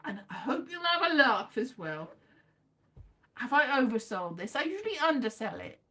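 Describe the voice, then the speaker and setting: A woman's voice: on the high side, sing-song, moderate pace, sharp tone. Rambling self-mocking woman. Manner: rambling, self-mocking, breaks into sung lines. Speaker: livestream host. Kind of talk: casual chat to a live audience.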